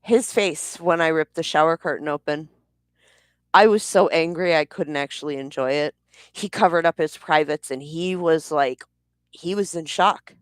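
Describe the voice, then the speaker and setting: A woman with a lowish voice tells her story straight to the camera, blunt and heated, with plenty of swearing. The sound is dry and close, with no room echo. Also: moderate pace, clean tone. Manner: blunt, profane, heated retelling. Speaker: vlogger. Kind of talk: personal storytelling vlog.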